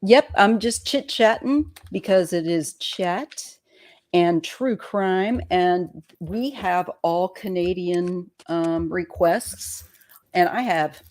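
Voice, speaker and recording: A woman in her fifties hosts a casual live stream from home, her voice sitting a little low. She rambles warmly through stop-start sentences, trailing off and picking back up, recorded on a simple home webcam mic. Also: takes it slowly. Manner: chatty, trailing off and restarting. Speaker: tarot channel host.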